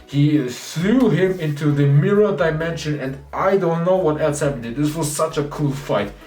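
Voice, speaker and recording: An excited man retells a film plot in a loose, casual review. He sits back from the mic in a roomy, echoey space, with faint music playing underneath. His voice is mid-pitched, and it dips low and quiet whenever he quotes a character. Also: moderate pace, distant mic. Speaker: movie reviewer. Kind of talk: casual spoilery movie recap.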